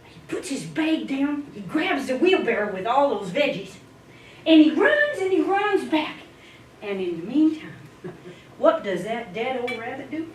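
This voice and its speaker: A woman at a speaking club telling a folk tale in a dramatic, playful way, swooping in pitch and volume. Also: very animated, measured pace. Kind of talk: animated folk-tale storytelling. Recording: echoey room, distant mic, faint hiss.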